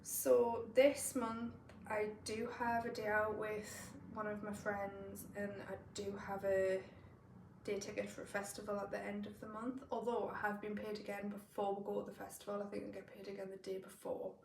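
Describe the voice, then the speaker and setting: Woman from the northeast doing her budget, kinda gravelly, sounds a bit far off in an echoey room. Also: medium pitch, little pitch movement, normal speed, slight background noise. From northeast England. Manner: thinking aloud, doing sums as she goes. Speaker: budgeting vlogger. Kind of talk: casual budgeting walkthrough. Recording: roomy, distant from the mic.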